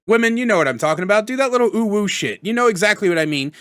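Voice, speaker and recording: A high-pitched man talks straight to camera in a casual tutorial vlog, full of energy. His voice swings up and down constantly, and he drops casual curse words as he chats. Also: racing, clean tone. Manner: energetic, animated, swears casually. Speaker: tabletop gaming content creator.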